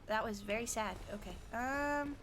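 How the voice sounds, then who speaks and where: Bubbly high-voiced woman streamer. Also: normal speed, a bit bright, slight background noise. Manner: giggly, chatty, swears playfully. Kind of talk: casual gaming commentary.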